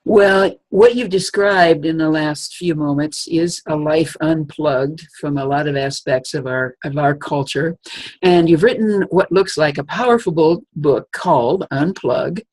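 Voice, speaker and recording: A woman's voice: deep voice, unhurried, a little mellow, no room sound, low-quality recording. A woman hosting a conversational interview, attentive and affirming as she introduces the next question. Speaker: host.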